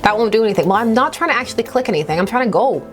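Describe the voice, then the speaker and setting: A woman's voice: a little high, animated, very fast, soft background music. A woman hosting a casual let's play, chatty and reading the game text aloud with wry asides. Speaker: gaming video host.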